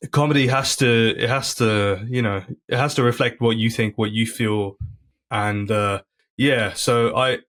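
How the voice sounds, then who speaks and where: A man's voice: mid-range voice, a bit bright. Earnest man telling stories as a guest. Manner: earnest, storytelling, many fillers and restarts. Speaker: podcast guest, comedian. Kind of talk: casual chat.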